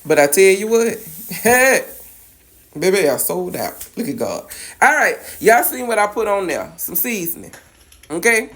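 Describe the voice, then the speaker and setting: Over the faint sizzle of a pan, a Louisiana woman walks through a recipe in her home kitchen, sassy, chatty and coaxing. Her mid-range voice swings widely in pitch at a normal speed.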